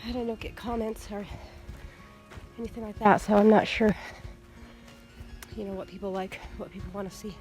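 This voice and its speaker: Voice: mid-range voice, fairly even intonation, normal speed, darkish tone, faint music behind, low-quality recording. A vlogger with a nasal, congested voice, out of breath and rambling casually while hiking outdoors on a mountain trail. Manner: meandering, easygoing, many fillers. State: congested from illness. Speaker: traveling vlogger.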